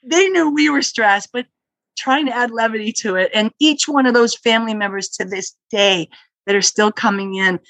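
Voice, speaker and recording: Lively woman in casual interview, higher voice, dry close sound, acts out quotes as she tells stories. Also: moderate pace, creaky, no echo, poor audio. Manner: lively storyteller who acts out quoted exchanges. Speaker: hospital security manager, podcast guest.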